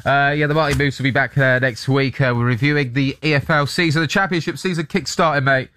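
A man's voice: mid-range voice, steady tone, fast, pushed and bright. Easygoing man co-hosting sports radio. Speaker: radio co-host. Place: radio studio.

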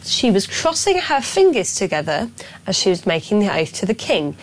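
Female radio co-host, sarcastic, lively pitch. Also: moderate pace, slight background noise, rough recording. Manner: indignant, sarcastic commentary. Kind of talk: casual radio banter.

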